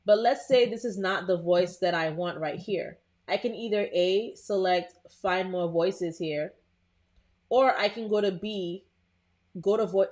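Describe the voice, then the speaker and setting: A young adult woman hosting a live tutorial in a casual, chatty way, talking to viewers and filling pauses with um. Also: mid-range voice, a little mellow. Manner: chatty, talks to live viewers, frequent "um" and restarts.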